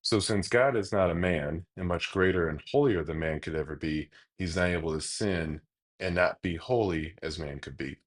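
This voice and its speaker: A man teaching a Bible lesson in a relaxed, explanatory way, often pausing with hesitations as he talks. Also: low voice. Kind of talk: casual teaching monologue.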